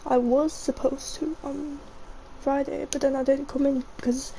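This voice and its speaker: A woman's voice: high-pitched, flat delivery, normal speed, mellow, a little hiss or hum, rough recording. A chatty young woman, rambling casually over her gameplay and often saying "mate". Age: young adult. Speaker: gaming vlogger.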